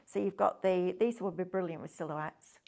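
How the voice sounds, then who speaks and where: A woman's voice: on the low side, steady tone, moderate pace, vocal fry, mellow. A woman presenting a craft shopping show, upbeat and enthusiastic, chatting and asking tag questions as she demonstrates products. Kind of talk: chatty live sales demonstration.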